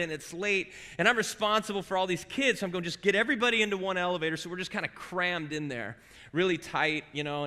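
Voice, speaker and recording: A bright, forceful male voice preaching in a church hall with a long, ringing reverb. He is a man in his forties from Southern California, giving a sermon in a conversational, animated way, full of stories and rhetorical questions. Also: sits high. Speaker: guest preacher. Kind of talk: sermon with personal storytelling. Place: church sanctuary.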